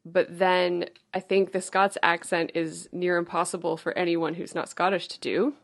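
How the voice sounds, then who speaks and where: A woman's voice: on the low side, level tone, moderate pace, creaky. A woman co-hosting a film podcast, chatting casually and agreeing readily with her co-host.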